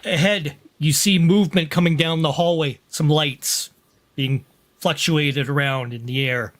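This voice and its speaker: Higher-voiced man game master. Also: steady tone, measured pace, a bit bright. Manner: plain descriptive narration. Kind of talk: narrating a sci-fi tabletop game.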